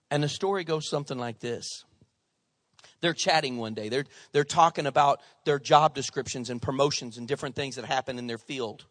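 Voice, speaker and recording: A man's voice: medium pitch, a little fast, fairly bright tone, no echo, clean studio sound. A male pastor preaching a sermon with passion and conversational humor.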